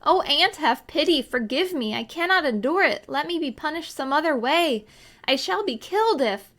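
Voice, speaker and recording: A woman's voice: high voice, expressive, normal speed, fairly bright tone, pitched above the performer's own voice. A woman doing a terrified girl begging. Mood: pleading. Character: frightened girl begging desperately.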